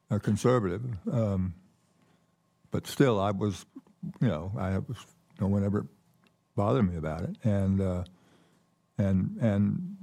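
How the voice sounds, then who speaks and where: An older man, a keynote guest, telling stories in a relaxed conversational way, often repeating words and pausing with fillers. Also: lowish voice. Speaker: keynote guest, former ambassador. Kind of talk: conversational storytelling. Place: conference stage with audience.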